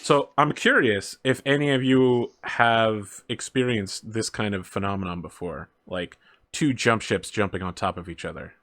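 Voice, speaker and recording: A man running a tabletop game as game master, narrating the scene in a relaxed way with fillers and quick asides. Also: on the low side.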